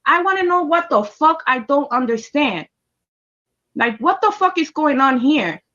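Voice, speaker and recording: A woman's voice: high voice, sing-song, measured pace, sharp tone, muffled recording. A woman telling a personal story in a casual, emphatic and heated way, with heavy swearing. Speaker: storyteller recounting a personal experience.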